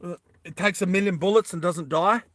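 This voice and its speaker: A man's voice: high voice, brisk, fairly bright tone, no echo. A young man casually telling a comic story, rambling and laughing at his own ideas.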